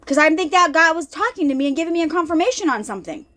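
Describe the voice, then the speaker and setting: A woman talking casually about the Bible to her viewers, animated and chatty, often repeating herself and calling the audience y'all. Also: extremely high pitch, very fast. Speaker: faith vlogger. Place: lives in an RV.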